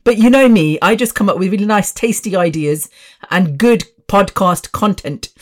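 A woman in her fifties hosting her own podcast, chatty and rambling with asides. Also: medium pitch. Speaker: podcast host. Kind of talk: casual solo podcast chat.

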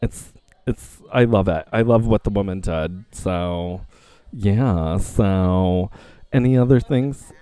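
Campy, slow-talking man with a mellow voice. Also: low-pitched, clean tone, dry recording. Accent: Indiana twang. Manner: campy, chatty, rambling. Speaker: podcast co-host. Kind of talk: casual chat about a book.

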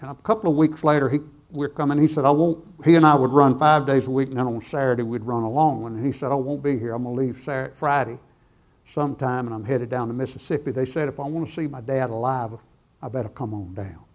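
A man's voice: medium pitch, fairly even intonation, quick pace. Folksy man telling a sermon story. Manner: folksy, conversational storytelling with dialogue. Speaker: preacher telling a testimony.

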